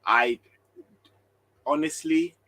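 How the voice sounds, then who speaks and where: A man with a London accent, loud and excitable, co-hosting a casual football chat. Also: medium pitch, extremely slow, gravelly. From Northwest London. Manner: loud, excitable, mock-outraged. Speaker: co-host.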